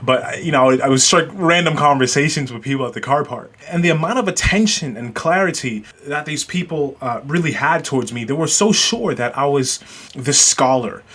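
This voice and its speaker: An American man hosting a solo podcast, speaking casually with frequent filler pauses and hesitations. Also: mid-range voice, animated, a bit bright, slightly rough. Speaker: podcast host.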